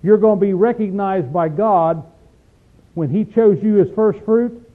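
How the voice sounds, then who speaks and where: A man teaching an informal Bible study, reading verses slowly and then explaining them in a folksy, emphatic way. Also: sits high. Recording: tinny lo-fi tape recording.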